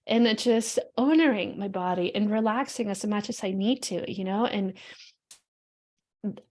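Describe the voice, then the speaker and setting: A woman's voice: mid-range voice, moderate pace, a little mellow. A woman hosting a podcast, talking in a loose, casual, reflective monologue full of "you know" and "like", frank enough to drop the odd swear word. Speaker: podcast host.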